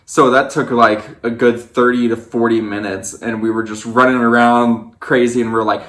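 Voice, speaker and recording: A man's voice: moderate pace, echoey room. A young man casually recounting his wedding day as a storytime, acting out what people said. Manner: animated storyteller, acts out quotes in a higher voice.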